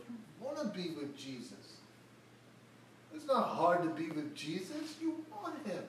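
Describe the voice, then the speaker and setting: A man with a voice on the high side preaches an expository, verse-by-verse sermon, giving the Bible's characters casual everyday lines. He's a pastor recorded far from the mic in an echoey room, with a bit of hiss or hum.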